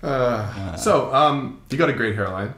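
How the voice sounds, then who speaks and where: A man's voice: mid-range voice, animated, a little slow, a bit bright. A jokey man riffing with friends on a podcast, laughing between lines. His voice swings up and down as he talks. The sound is roomy, with a faint hiss behind it. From Canada. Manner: jokey, laughs a lot, tries silly accents. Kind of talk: casual comedic chat.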